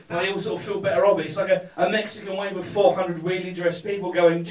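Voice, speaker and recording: A man's voice: sits high, level tone, fast. A man doing a sardonic stand-up routine on a club stage, rambling through his story. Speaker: stand-up comedian. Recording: echoey room, far mic, background noise.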